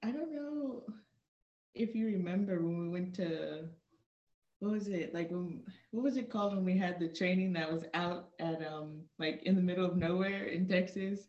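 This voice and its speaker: A woman's voice: on the low side, normal speed. A woman chats as a podcast guest and laughs while she tells her stories. Her voice sounds roomy, with audible echo. The audio is dull and lo-fi. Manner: chatty, laughing storyteller. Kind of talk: casual chat.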